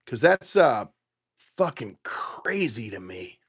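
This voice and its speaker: Hosting a casual bourbon livestream, a man tastes whiskey and reads viewer comments, rambling and swearing in an animated way. His voice is mid-range and a little slow, with long pauses.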